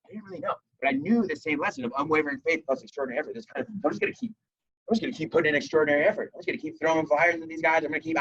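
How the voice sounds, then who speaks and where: A young man giving an energetic motivational talk to a group of sales reps, telling stories and acting out dialogue. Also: mid-range voice, lo-fi sound. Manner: energetic storytelling with reenacted dialogue.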